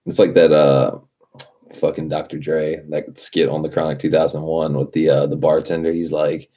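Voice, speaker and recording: A man's voice: very deep voice, flat delivery, moderate pace, warm tone, dull audio. A man hosting a casual livestream, telling a rambling, profane work story and laughing at himself. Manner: profane, rambling storyteller who laughs at his own stories. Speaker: livestream host.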